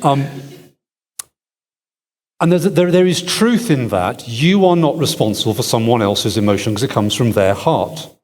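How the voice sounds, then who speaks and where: Male speaker, mid-pitched, answering audience questions, thinking aloud, echoey hall. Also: normal speed. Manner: thinks aloud, with restarts and self-deprecating asides. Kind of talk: conference Q&A answers.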